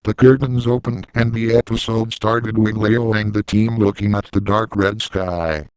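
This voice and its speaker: Male reader of a creepypasta, slow and steady, smooth clear voice, dry close sound. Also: on the low side, no room sound, rough recording. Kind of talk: reading a fan-written creepypasta story.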